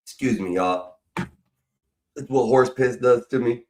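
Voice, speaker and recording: A man's voice: mid-range voice, slow, distant mic. Middle-aged man, profane slangy livestream host, loose rambling talk.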